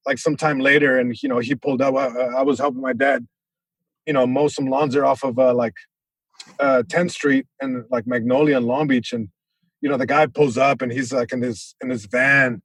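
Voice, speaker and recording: A man from Southern California, a comedian guest telling a story on a podcast, animated, with many restarts. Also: medium pitch, husky, dry recording, rough recording.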